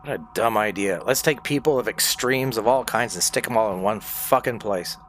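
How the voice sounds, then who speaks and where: A man's voice: lowish voice, moderate pace, fairly bright tone, slight background noise. Profane, ranting man streamer. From not from the United States. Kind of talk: casual rant during a game stream.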